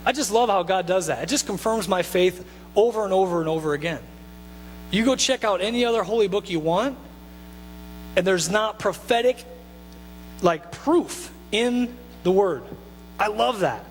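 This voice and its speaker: A male pastor with a high voice delivers a casual, animated sermon full of asides and quick restarts. His voice rings out through a reverberant church hall, with a faint mains hum underneath. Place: church sanctuary.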